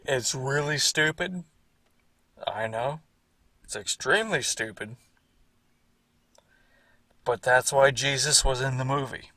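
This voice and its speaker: A man's voice: medium pitch, slow, pauses often, bright, forceful tone, dry recording, far from the mic. A man giving rambling, casual commentary on his own series, repeating himself and swearing now and then.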